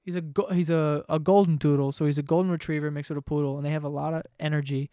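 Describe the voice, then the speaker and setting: A man's voice: a little high, fast, no room sound. Young man, dry close sound, rambling rant. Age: 20s. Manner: profane, rambling, animated. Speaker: vlogger. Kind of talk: casual rant to camera. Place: home room below living room.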